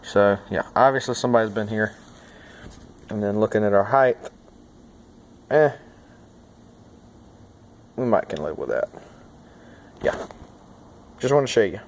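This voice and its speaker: A man's voice: fairly low pitch, animated, unhurried, long pauses. A man talking through a repair step by step in a casual, folksy way, with many fillers. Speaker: mechanic and channel host. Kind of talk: hands-on repair tutorial.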